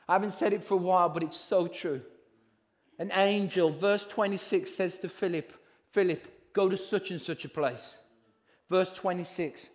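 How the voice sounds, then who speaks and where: Passionate high-voiced preacher, echoing hall. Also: male voice. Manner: passionate, rising to shouts. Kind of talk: sermon. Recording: hall reverb.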